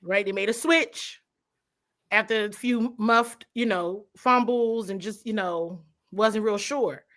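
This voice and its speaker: A woman in casual sports talk, giving animated football analysis, laughing often and quoting people in put-on voices. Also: medium pitch, takes it slowly.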